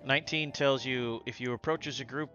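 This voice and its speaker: A man narrating as game master of a tabletop game, in a steady descriptive manner. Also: mid-range voice, a little fast. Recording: dull lo-fi sound with loud music.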